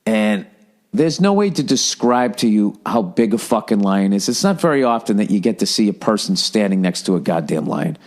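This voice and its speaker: A man telling a story in a profane, animated comedic rant as a podcast host. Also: moderate pace. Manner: animated, profane, mimics people in high voices.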